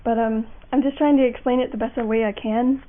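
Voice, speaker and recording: A woman's voice: fairly high pitch, fairly even intonation, a little fast. A young woman giving a casual voice acting how-to, rambling with fillers and restarts. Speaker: voice acting tutorial maker. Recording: tinny lo-fi home mic.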